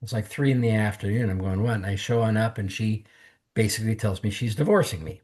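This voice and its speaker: A male podcast guest shares his personal testimony candidly, acting out what other people said to him in an earnest, storytelling way. He is emotional and near tears, speaking fast in a fairly low, darkish voice.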